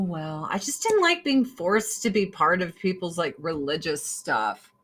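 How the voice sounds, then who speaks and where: A woman from the United States ranting casually to her livestream viewers in a blunt, profane way, jumping from one topic to the next. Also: on the low side. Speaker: livestream host.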